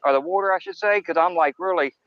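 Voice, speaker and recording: Speaking fast in a high voice, a man chats casually with his livestream viewers while fishing at night on a wooded riverbank, rambling in a folksy manner. The audio from his camera-mounted mic near the water sounds dull.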